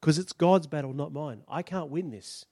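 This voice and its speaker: A young shepherd answering softly but firmly, unshaken, as a preacher acts him. The voice is high for a man and low in volume. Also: normal speed, slightly rough, no echo, studio quality. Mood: quietly resolute. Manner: quiet, firm conviction. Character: calm, faithful young shepherd.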